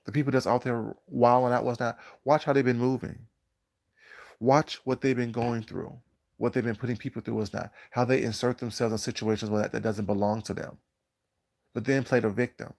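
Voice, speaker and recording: A man hosting a live stream, talking in a groggy morning voice in a drawn-out, preachy way and greeting viewers in the chat. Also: mid-range voice, fairly even intonation, gravelly, darkish tone. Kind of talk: casual live-stream commentary.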